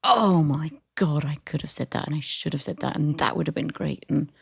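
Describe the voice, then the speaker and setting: A woman's voice: deep voice, little pitch movement, fast talker, vocal fry, a little mellow, slightly rough. A woman co-hosting a café podcast, telling stories in a casual chat and laughing often. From Britain. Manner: storytelling with frequent laughter. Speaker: podcast co-host.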